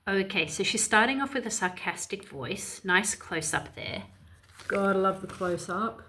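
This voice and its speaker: A woman's voice: mid-range voice, measured pace, bright, forceful tone. A woman from Ireland giving opinionated, sarcastic and indignant commentary in a vlog. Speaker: commentary vlogger.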